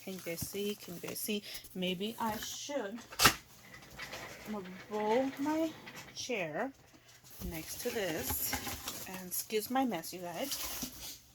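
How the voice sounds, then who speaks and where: A woman's voice: medium pitch, lively intonation, slow, long pauses, very noisy. A woman hosting a crafting channel, opening craft mail indoors and gushing over each item as she chats to viewers. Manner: gushing, exclaims often, talks to viewers. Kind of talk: casual unboxing chat.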